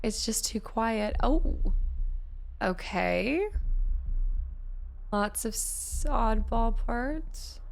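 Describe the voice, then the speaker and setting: A woman's voice: a little high, lively intonation, extremely slow, gravelly, pauses often. A woman streaming a horror game live, chatting with viewers and reading on-screen text aloud as she plays.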